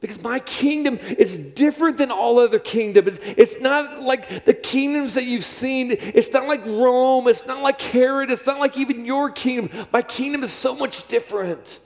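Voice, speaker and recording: Man, pastor preaching, high voice, repeats phrases, long hall reverb. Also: normal speed, hardly any pauses, a little mellow. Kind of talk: sermon. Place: church sanctuary.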